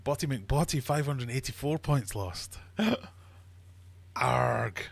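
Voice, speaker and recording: A man's voice: mid-range voice, animated, slow, a little mellow, breathy edge, no echo. A man hosting a live-streamed quiz from his fish room, reading questions and teasing the audience in a playful, mock-uppity way. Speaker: livestream host and quizmaster.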